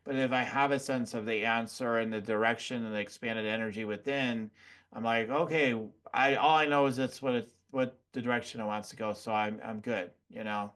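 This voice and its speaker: A man hosting an interview podcast, asking questions in a halting way while searching for words. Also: medium pitch, fairly even intonation, a bit bright. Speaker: podcast host. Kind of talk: casual interview talk.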